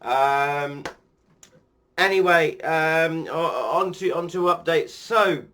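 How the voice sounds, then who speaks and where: A man with a fairly high-pitched voice talks loosely to his viewers. He rambles from topic to topic, often pausing and restarting. It sounds like an easygoing home vlog. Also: a bit bright, slight background noise. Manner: rambling, many ums and restarts. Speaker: sim racing YouTuber. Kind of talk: casual vlog chat.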